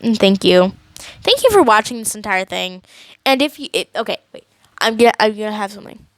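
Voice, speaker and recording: A woman's voice: mid-range voice, animated, a little fast, dry recording. A teenage girl ranting casually to camera as a vlogger, rambling with many likes and restarts.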